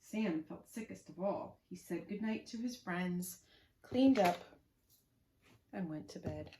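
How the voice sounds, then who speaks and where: Animated storytime librarian, echoey room. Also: female voice, fairly low pitch, slow pace, a little hiss or hum. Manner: sing-song, animated, coaxing children to join in. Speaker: children's librarian. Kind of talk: preschool story time reading.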